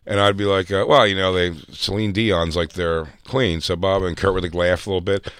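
A man's voice: sits low, fairly quick, smooth, dry recording. Man telling stories in a dry room. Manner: animated storyteller, acts out friends' voices, swears a lot. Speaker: podcast co-host. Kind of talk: casual comedy chat.

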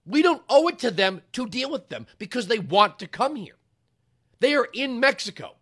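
A man hosting a talk program delivers a heated political monologue. His voice sits high and sounds bright and forceful, and his emphatic delivery climbs into yelling. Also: big pitch swings, normal speed. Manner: impassioned, emphatic, rises to yelling. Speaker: talk show host.

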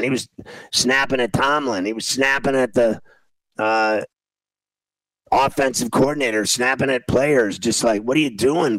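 A man's voice: medium pitch, a bit bright, dry recording, low-quality recording. A man hosting a sports talk show, ranting in exasperation about a game as he watches it and repeating himself. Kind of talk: casual sports radio chat while watching a game.

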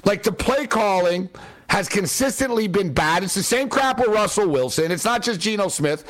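A man's voice: high-pitched, animated, moderate pace, a bit bright. A man delivering a sarcastic, exasperated solo rant about his football team's coaching and play calling. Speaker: sports commentator. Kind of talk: opinionated sports rant.

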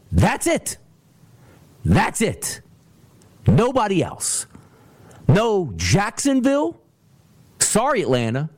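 A man hosting a solo sports talk show, ranting in an animated way and slipping into mocking voices. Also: on the high side, dry recording. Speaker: sports podcast host.

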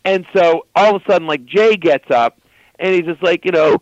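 A man guest telling a story in casual talk, animated and loose, full of fillers. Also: high-pitched, moderate pace, no echo, highs cut off.

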